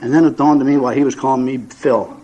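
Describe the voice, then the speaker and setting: In a fast, mellow voice of medium pitch and fairly even intonation, a man in his seventies tells humorous stories about himself to a recovery meeting audience. He's folksy and self-mocking, with many fillers and restarts, and the sound is lo-fi.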